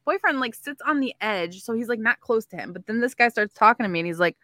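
A woman co-hosting a podcast, telling an animated story in casual chat and acting out the people in it. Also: fairly high pitch, fast talker, dry recording, clean studio sound. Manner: animated anecdote-telling with quoted voices. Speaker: podcast co-host.

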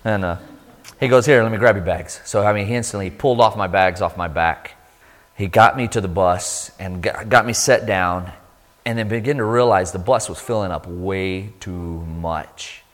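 A man giving a sermon testimony, telling his story with lively energy and acting out the voices of people he met. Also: sits low, moderate pace. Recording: long hall reverb.

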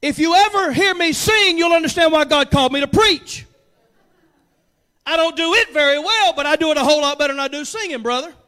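High, bright-voiced fiery male preacher. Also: a little fast. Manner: fervent preaching that swings from quiet asides to shouted peaks; joking, folksy asides. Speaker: pastor. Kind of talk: sermon.

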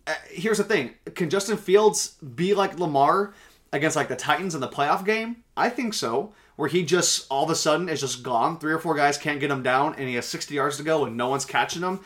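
A man's voice: fairly high pitch, brisk, fairly bright tone. A young man with a slightly raised voice talks football on a casual podcast. He argues his picks emphatically, sure of his opinions, and swears casually as he goes. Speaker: podcast co-host. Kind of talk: casual sports podcast chat.

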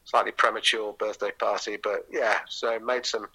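A middle-aged English man being interviewed, his voice bright and forward. He rambles through a story with plenty of ums and restarts. The talk is relaxed and chatty. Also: on the low side, normal speed, breathy edge, low-quality recording. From England. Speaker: interview guest.

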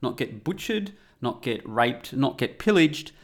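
A middle-aged man with an Australian accent talks loosely and irreverently, swearing freely and wandering off on tangents. His voice sits at an ordinary middle pitch for a man, recorded at home. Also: sing-song, a little slow. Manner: irreverent, rambling, profane. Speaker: guest podcast host. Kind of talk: casual monologue. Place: home room.

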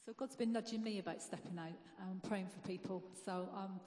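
A woman's voice: mid-range voice, steady tone, a little fast, mellow. A woman giving a casual church testimony, telling the story chattily and quoting others along the way. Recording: echoey hall, live church mic.

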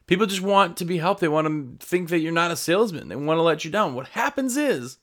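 A man's voice: fairly high pitch, expressive, a little fast, a bit bright. A man who runs a window cleaning business, giving casual sales advice to camera and acting out exchanges with customers. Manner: conversational, acts out customer exchanges.

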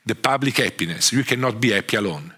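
Bright-voiced Italian-accented man lecturing. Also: on the low side, animated, breathy edge. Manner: halting, frequent restarts and fillers. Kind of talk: conference talk.

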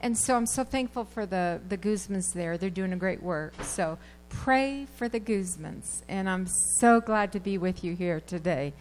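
A woman's voice: medium pitch, expressive, a little slow, soft background music, rough recording. A woman in a church service giving an earnest, conversational testimony about a trip abroad. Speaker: church member giving a report.

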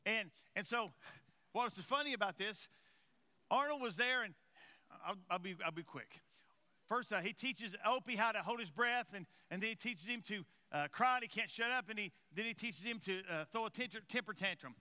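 Bright high-voiced preacher. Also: male voice, expressive, normal speed. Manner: conversational preaching, swings from quiet to loud; stumbles and repeats words. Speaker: pastor. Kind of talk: sermon.

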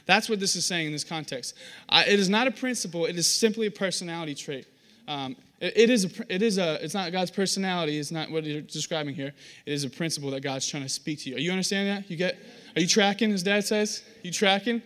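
Speaking fast in a higher-pitched voice, this young preacher pokes fun at himself through lively stories, performing the characters' voices as he delivers his sermon.

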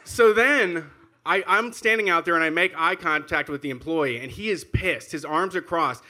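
A man's voice: on the high side, normal speed, sharp tone. A man chatting casually as a podcast co-host, telling an anecdote with swearing and acted-out quotes. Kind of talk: casual chat.

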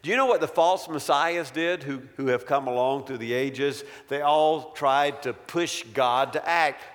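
Slow, measured preacher man. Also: on the high side, a bit bright, big-room sound. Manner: storytelling, measured, emphatic. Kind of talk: sermon.

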